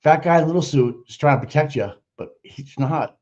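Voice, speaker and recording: A man's voice: medium pitch, fairly quick, darkish tone. Profane, mocking male livestream host. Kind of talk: live commentary over trial footage. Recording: muffled lo-fi audio.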